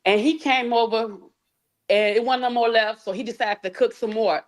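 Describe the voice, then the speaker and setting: Grieving mother, halting and heartfelt. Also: a little high, fairly even intonation. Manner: halting, heartfelt, colloquial storytelling. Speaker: mother of the deceased, guest. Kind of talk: emotional personal testimony in a live interview.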